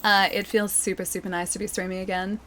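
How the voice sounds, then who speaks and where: A woman streaming a video game, chatting casually and thanking viewers, her voice hoarse as it recovers. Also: medium pitch, fast talker, slight background noise. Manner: chatty, thanks viewers, reacts excitedly to the fight. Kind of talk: casual live-stream chat while playing.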